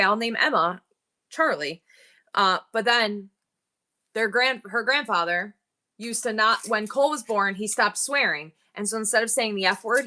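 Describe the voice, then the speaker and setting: A woman's voice: medium pitch, bright, forceful tone. A woman hosting a live online sale, rambling through family stories while thanking viewers by name. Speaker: live-stream seller. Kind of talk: chatty live-sale banter.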